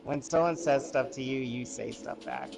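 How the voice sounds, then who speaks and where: A man's voice: mid-range voice, lively intonation, moderate pace, gravelly, rough recording. A man livestreaming, telling long rambling stories in a casual chat full of fillers and restarts.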